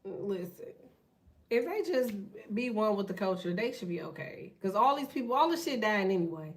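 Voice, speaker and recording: A woman hosting a tarot channel, talking in a blunt, profane, fast casual rant. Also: medium pitch, sing-song, far from the mic. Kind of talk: casual ranting monologue.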